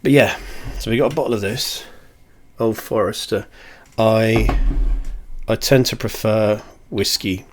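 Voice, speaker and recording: The whiskey reviewer speaks in a lowish, unhurried voice, his face right up against the camera at home. He rambles casually, makes fun of himself, and swears in passing.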